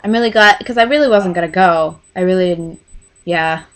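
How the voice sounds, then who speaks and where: A woman in her twenties telling a rambling, excitable storytime to camera in casual chat. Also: fairly low pitch, brisk. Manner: rambling, excitable, gushing fan. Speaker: vlogger.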